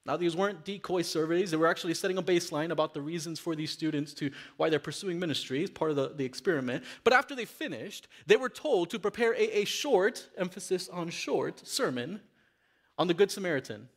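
Guy pastor preaching, fairly high voice, earnest and kinda confessional, church setting. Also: lively intonation, quick pace. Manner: earnest and confessional, reading scripture then preaching. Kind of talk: sermon.

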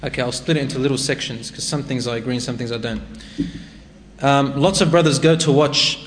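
A man's voice: medium pitch, fairly quick, a little hiss or hum. A man giving a sermon and answering a question in a conversational way that rises to emphatic exhortation. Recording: echoey hall with faint ambience.

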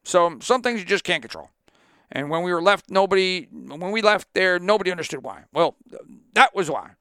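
A man doing a deliberately poor impression of a defensive older male football coach who blames others in a blunt, self-justifying way. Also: high-pitched, animated, fairly bright tone, smooth, no room sound, studio quality. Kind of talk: mock impression read aloud.

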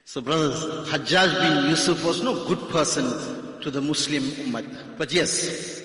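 A man preaching a sermon, telling stories with fervor and rising to loud cries. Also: fairly high pitch. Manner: impassioned storytelling, rising to cries. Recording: echoey hall, strong reverb.

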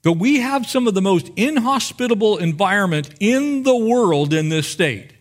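A male pastor preaching a sermon, telling Bible stories in an animated way and acting out the people in them. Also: high voice, normal speed. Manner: animated storytelling, acts out biblical figures.

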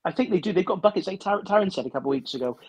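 A man co-hosting a casual podcast chat, excitable and full of stories. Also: sits high, very fast, slightly rough. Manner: excitable, chatty storyteller. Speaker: podcast co-host.

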